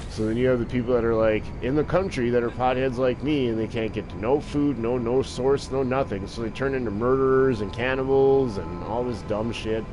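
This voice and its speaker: A man's voice: medium pitch, fairly quick, few pauses. A man talking in a rambling, crude, profane casual monologue while playing a game. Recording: noisy with vehicle sounds behind.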